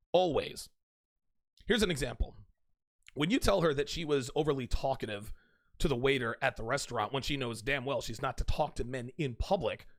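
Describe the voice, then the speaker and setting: A man's voice: on the high side, a bit bright. A man hosting his own show, delivering an emphatic advice monologue straight to his listeners and repeating his key points. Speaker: podcast host. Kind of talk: direct-to-camera advice monologue.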